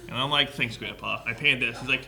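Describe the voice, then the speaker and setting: Wry young man with a sharp voice. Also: medium pitch, quick pace, gravelly. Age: 20s. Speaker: guest. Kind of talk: casual live podcast chat.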